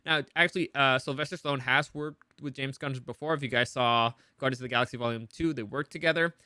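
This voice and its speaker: Bright, crisp-voiced man rambling. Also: medium pitch, fairly even intonation, quick pace, no room sound, studio quality. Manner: rambling, many restarts and opinionated asides. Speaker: entertainment news host. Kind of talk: casual news commentary.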